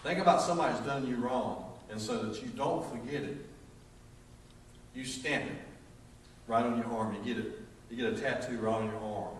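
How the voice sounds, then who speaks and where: A man's voice: medium pitch, normal speed, pauses often. A middle-aged man with a Southern accent preaching a sermon, a folksy storyteller who jokes and acts out voices. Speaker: pastor. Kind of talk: sermon with humorous stories. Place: church sanctuary. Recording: echoey church from far off, faint noise.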